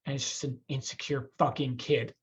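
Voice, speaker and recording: A man hosts a casual podcast conversation, rambling with jokes and cursing. His voice is a little husky, and the recording sounds dull and lo-fi. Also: medium pitch, level tone, moderate pace. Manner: profane, joking, rambling with restarts. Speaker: podcast host.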